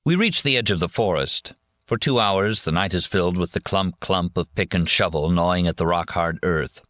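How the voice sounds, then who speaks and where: A man narrating a first-person war memoir in a measured, plain reading voice. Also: low voice, fairly bright tone, no room sound, studio quality. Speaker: audiobook narrator.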